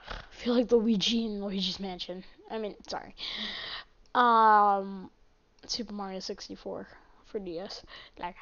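A woman's voice: mid-range voice, a little slow, a bit bright. A woman giving rambling, chatty let's play commentary as a gaming host, often apologizing. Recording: dull lo-fi mic.

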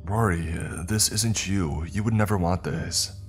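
A frightened young woman played by a man pleads in a strained voice, lifted a little above his very low natural pitch. Quiet music plays underneath. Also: unhurried. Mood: pleading. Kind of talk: scripted horror narration.

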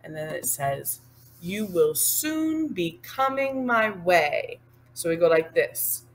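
A woman's voice: fairly low pitch, very animated. A woman patiently teaching sign language one sign at a time, talking through each hand movement. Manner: patient, explaining each sign slowly and then singing the line. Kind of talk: step-by-step sign language lesson with sung lines.

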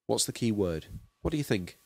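A man explaining a marking scheme as a drama teacher, measured and listing terms one by one. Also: lowish voice, very animated, vocal fry, slightly rough, no echo. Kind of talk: explanatory lesson.

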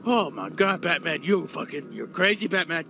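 A man reacting loudly to a horror scare while playing a video game, swearing and easily startled. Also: a little high, normal speed, creaky, over music. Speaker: gamer. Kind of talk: live gameplay reaction. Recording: noisy gameplay stream.

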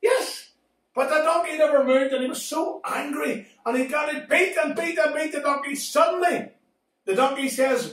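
Man, very high voice, Sunday school storyteller, animated, echoey room, distant mic. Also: normal speed. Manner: animated storytelling, swinging between shouts and hushed tones. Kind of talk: children's Bible story lesson.

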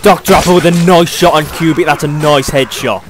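A young British man doing excitable play-by-play commentary on a video game match, chuckling often. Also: fairly high pitch, brisk, over music.

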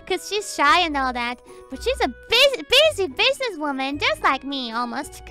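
A young woman streamer telling a story in casual chat, excitable and giggly, often repeating her words. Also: high-pitched.

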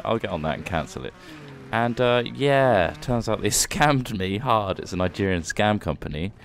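A man telling a story in casual gaming banter, joking in a dry, deadpan way. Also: fairly low pitch. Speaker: regular of a gaming video show. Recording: game music in the background.

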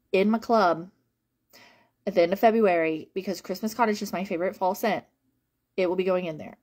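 A woman who works as a home-fragrance consultant, talking casually to viewers in a rambling, animated way with lots of fillers and repeated phrases. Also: medium pitch. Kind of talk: casual live-stream chat to viewers.

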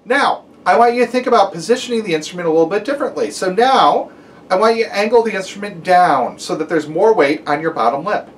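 A man leads a brass practice lesson, counting beats and talking students through each step. His pitch moves a lot from phrase to phrase. He sounds a little distant from the mic, with a faint hiss underneath. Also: fast. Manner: counts aloud, gives calm step-by-step instructions with fillers. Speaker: brass teacher.

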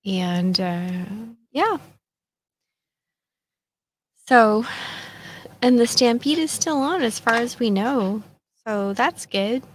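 A woman's voice: fairly high pitch, expressive, takes it slowly, dry recording. A woman in her fifties hosting a casual solo podcast chat, talking in a chatty, self-mocking way with lots of fillers. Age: 50s. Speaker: podcast host.

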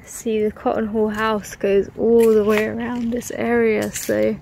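A woman hosting a ghost hunt outdoors, talking in a curious, hushed way. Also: on the high side, little pitch movement, measured pace, creaky, a little hiss or hum. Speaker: paranormal investigator host. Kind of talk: casual ghost-hunting chat.

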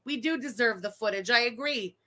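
A woman's voice: a little high, brisk. A young adult woman hosting a casual livestream, reading super chats aloud and ranting with lots of swearing. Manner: profane, animated, ranting.

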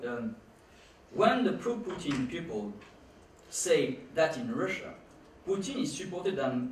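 A man lectures at a conference with a lively pitch that swings up and down, hammering his points by repeating words. His voice echoes around a roomy hall, picked up from a distance with a faint hiss behind. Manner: emphatic, repeats key words, non-native phrasing. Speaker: conference speaker.

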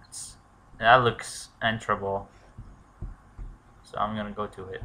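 A man mutters his way through a let's play in a lowish voice with a sharply bright, tense edge. He swears freely and breaks into shouts when danger hits. A faint noise sits under his voice. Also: little pitch movement, unhurried, pauses often. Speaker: gamer.

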